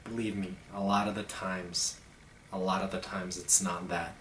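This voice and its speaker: A man's voice: sits low, flat delivery, moderate pace, fairly bright tone, slight background noise. A young man talking blunt, profane and emphatic in a casual monologue as a podcast host. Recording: echoey room.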